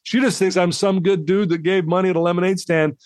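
Man, 50s, podcast guest, animated personal storytelling, slightly high voice, dry close sound. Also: fast talker, no echo. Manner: animated, acts out the voices of people in his story.

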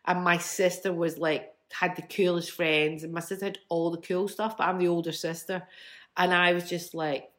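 A woman in her fifties with a slightly low voice, talking as an interview guest. She tells her stories in a lively, chatty way and often laughs along the way. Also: moderate pace. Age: 50s. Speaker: guest, musician. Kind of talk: casual storytelling.

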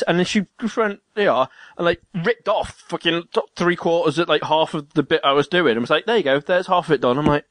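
A man's voice: a little high, a little fast, dry recording. A man chatting casually and telling a home-repair story, swearing freely and acting out what people said. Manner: swears freely, tells stories with animated quoted voices. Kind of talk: casual chat.

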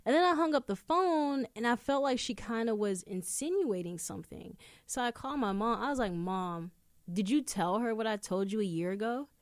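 A young adult woman hosting a podcast, telling stories in casual chat, animated and swearing freely. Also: fairly high pitch, normal speed, dry recording, studio quality. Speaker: podcast host. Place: indoor room.

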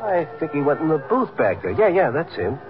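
A man's voice: a little high, very animated, brisk. An actor playing a nervous bartender in a 1950s radio drama, anxiously protesting that he wants no trouble. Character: nervous, fussy bar owner eager to avoid trouble. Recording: muffled old radio broadcast with music.

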